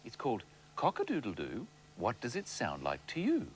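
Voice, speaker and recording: A man's voice: medium pitch, wildly swooping pitch, moderate pace, slight background noise. A man presenting a children's television show, reading a picture book aloud in a playful sing-song way and mimicking animal sounds.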